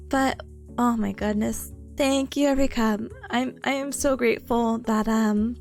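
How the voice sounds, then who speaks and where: A young woman streaming a casual chat, bubbly and giggly, stammering and squealing with excitement. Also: on the high side, slow, creaky, faint music behind.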